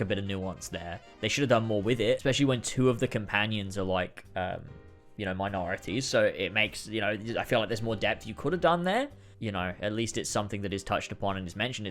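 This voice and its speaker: Brit man, lower register, weary exasperated ranking commentary, faint music bed. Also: a bit bright. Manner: exasperated, frequent swearing and sighs. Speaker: video creator ranking episodes.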